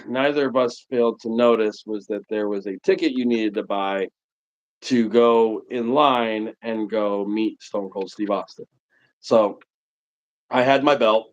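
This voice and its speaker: A man in his forties from New England, telling a long casual anecdote full of fillers on a livestream. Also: mid-range voice. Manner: rambling, animated anecdote telling with many fillers. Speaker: livestream host. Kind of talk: casual storytelling chat. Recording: muffled lo-fi stream audio.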